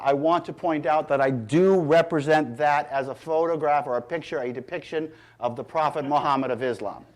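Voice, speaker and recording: A middle-aged man giving an emphatic, sarcastic public speech. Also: on the high side. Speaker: speaker.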